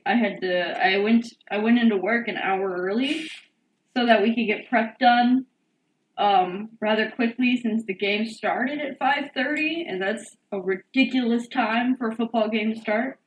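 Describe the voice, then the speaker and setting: A young woman co-hosting a podcast, telling an animated story in casual chat and acting out the quotes. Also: on the high side, unhurried. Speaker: podcast co-host. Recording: echoey room, distant mic, faint hiss.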